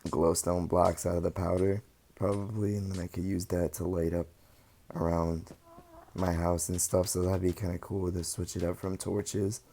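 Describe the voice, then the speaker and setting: Low flat-voiced young man narrating gameplay. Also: normal speed, a little hiss or hum. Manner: relaxed and rambling, with many ums. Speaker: gaming channel host. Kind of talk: casual gameplay commentary.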